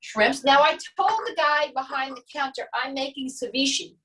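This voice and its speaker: High-voiced woman showing a recipe. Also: normal speed, distant mic, rough recording. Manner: relaxed, explains step by step with many asides. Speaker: guest. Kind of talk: casual cooking demo chat.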